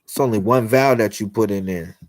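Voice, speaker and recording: A man's voice: fairly low pitch, a little fast, darkish tone, no echo. A young man talking to viewers on a livestream, preaching about God and miracles in a loose, repetitive, slangy way. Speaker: livestream host. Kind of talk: spiritual livestream monologue.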